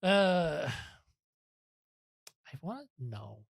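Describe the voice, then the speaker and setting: A man's voice: on the high side, very animated, drawn-out words, vocal fry, no room sound, studio quality. A young man talking as a podcast guest in casual chat, rambling and self-deprecating, with many restarts.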